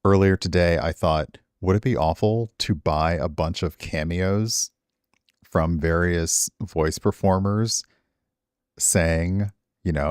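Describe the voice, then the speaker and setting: A middle-aged man with a very low voice rambles easily to his viewers, poking fun at himself as he goes. His voice is recorded dry and close, with no room sound. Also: slow pace, a little mellow, clear, resonant tone, dry recording. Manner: rambling, self-deprecating, chatting to viewers. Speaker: streamer. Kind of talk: casual stream chat.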